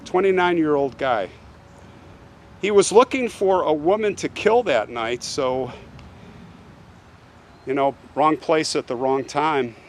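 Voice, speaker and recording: Slow and pausing often, a man with a fairly high voice hosts a show recounting a true crime case. He keeps the telling casual and conversational and often asks the listener "right?" A little hiss or hum is audible.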